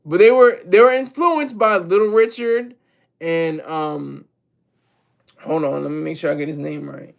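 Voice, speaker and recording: A man's voice: on the high side, measured pace, vocal fry. A man streaming live, commenting on music and answering his chat in a loose, rambling way, often repeating and correcting himself.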